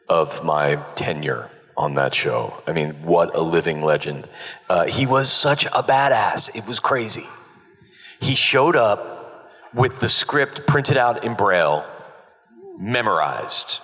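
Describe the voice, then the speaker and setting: A middle-aged man, a former children's TV host, telling animated stories on a convention panel. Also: low voice, slow, soft background music. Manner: animated, laughing storyteller who acts out quotes. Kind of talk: casual panel storytelling. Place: large convention hall. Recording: long reverb of a convention hall.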